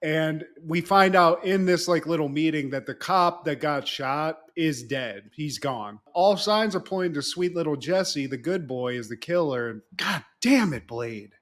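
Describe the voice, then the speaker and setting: Man, podcast co-host, casual episode recap, fairly high voice, animated, swears, acts out character lines. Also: measured pace, hardly any pauses.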